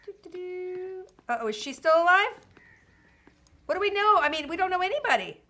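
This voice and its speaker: A woman's voice: extremely high pitch, animated, normal speed, bright, forceful tone. A woman streaming a video game, chatting casually with viewers and reading game dialogue aloud. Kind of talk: casual live-stream chat.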